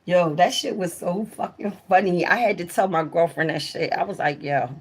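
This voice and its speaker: A woman with a fairly low voice tells stories to her viewers on a live stream. She swears freely and keeps talking straight to the people watching. When a story peaks, she gets loud and excited. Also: moderate pace, slightly rough. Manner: profane, talks straight to viewers. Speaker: livestreamer. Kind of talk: casual storytelling to a live audience.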